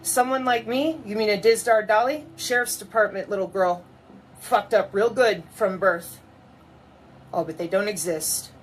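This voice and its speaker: A woman's voice: mid-range voice, moderate pace, a little hiss or hum. A woman in a mocking, profane monologue to camera, full of sarcasm. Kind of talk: ranting monologue.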